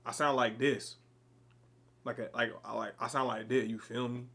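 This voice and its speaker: A man's voice: mid-range voice, fairly even intonation, normal speed, bright, forceful tone. A man from Chicago with a Chicago accent, chatting loosely with viewers during a live game stream. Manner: loose and playful, addresses viewers by name. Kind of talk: casual live-stream chat.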